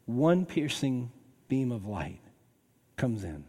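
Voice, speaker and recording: A man preaching a sermon as pastor, emphatic, swinging between raised and hushed delivery. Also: mid-range voice, very animated, takes it slowly, long reverb tail.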